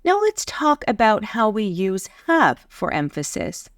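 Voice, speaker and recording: A woman's voice: medium pitch, very animated, a little slow, no room sound, studio quality. A woman teaching an English grammar lesson, speaking carefully and stressing the words in her examples.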